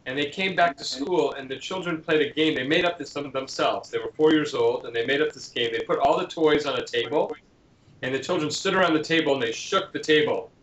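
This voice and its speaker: A man's voice: a little high, fairly quick. A man, a parenting author, answering interview questions and acting out the voices of children and parents as he gives examples. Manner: animated storyteller who acts out children's lines. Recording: dull lo-fi sound in an echoey room.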